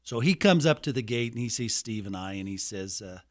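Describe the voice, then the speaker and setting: A man's voice: lowish voice, animated, fairly quick. A man in his seventies from Colorado, a guest in a casual interview, telling anecdotes at a leisurely pace with restarts.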